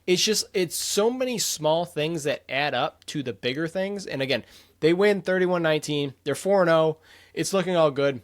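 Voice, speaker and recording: A man's voice: fairly high pitch, expressive, normal speed. A young man co-hosting a casual sports podcast, opinionated and blunt, rattling off scores and verdicts. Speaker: podcast co-host.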